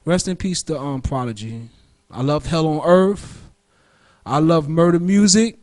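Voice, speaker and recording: High-voiced man ranting profanely on radio. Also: measured pace, darkish tone. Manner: loose, profane, rambling street talk; jumps between topics. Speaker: radio show host. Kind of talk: casual solo monologue.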